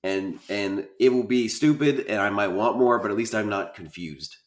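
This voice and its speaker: Deep-voiced man ranting in an echoey room. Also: moderate pace. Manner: emphatic, repeats points in frustrated rants. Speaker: podcast co-host. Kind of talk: casual film review chat.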